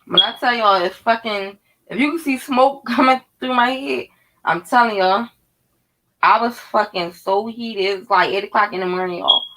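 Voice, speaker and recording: A woman in her thirties from North Philadelphia with a Philly accent, telling a story to her viewers in a casual, animated, profane way. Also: medium pitch, normal speed, rough recording. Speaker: vlogger.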